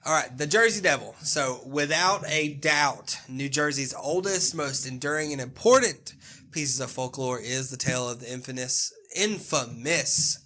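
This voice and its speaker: Brief: male podcast co-host, forceful bright tone, loose and joking, swears freely. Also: mid-range voice, moderate pace. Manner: laughs often, swears casually. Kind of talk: casual chat.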